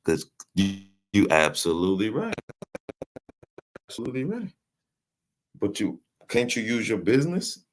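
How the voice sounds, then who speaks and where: A man's voice: on the low side, huge pitch swings, moderate pace, pauses often, faint music behind. A man hosting a casual live stream, teasing his chat with loose slang and frequent laughs. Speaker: livestream host reading chat.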